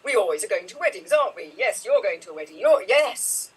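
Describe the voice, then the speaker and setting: A woman improvises a silly comic scene on an online show. Her voice is slightly husky and lively in pitch. She dithers and rambles as if confused. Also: a little fast, far from the mic, poor audio. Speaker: improv performer.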